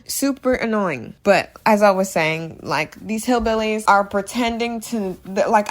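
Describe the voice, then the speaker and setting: A young woman giving an opinionated, sarcastic movie review in a casual, ranting way. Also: mid-range voice.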